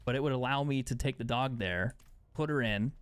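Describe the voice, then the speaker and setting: A man's voice: medium pitch, fairly quick, smooth, no echo. A young man streaming a game live, chatting casually and sarcastically, swearing freely. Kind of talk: casual chat while gaming live.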